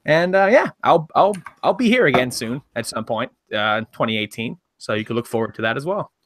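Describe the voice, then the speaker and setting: A man with a bright, forward voice speaks in a relaxed and slightly halting way on a casual group podcast. The sound is close and dry. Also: medium pitch, dry recording. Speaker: podcast guest, YouTuber.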